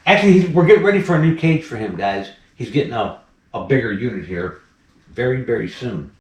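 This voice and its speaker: A man's voice: mid-range voice, lively intonation, brisk, darkish tone, reverberant. A man hosting a casual vlog while feeding a snake, chatty and laughing often as he talks to the animal. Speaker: snake keeper and channel host.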